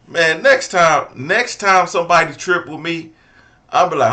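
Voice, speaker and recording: A man's voice: on the high side, expressive, unhurried, bright, forceful tone. A man hosting a reaction video, teasing his viewers in playful joking commentary. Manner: playful, teasing, chuckling at the chat. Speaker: host reacting to a clip.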